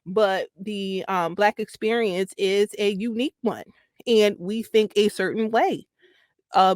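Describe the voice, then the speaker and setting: A woman's voice: medium pitch, no echo, clean studio sound. A woman guest giving casual, emphatic commentary on a talk show. She repeats her points for stress and laughs easily. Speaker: podcast guest.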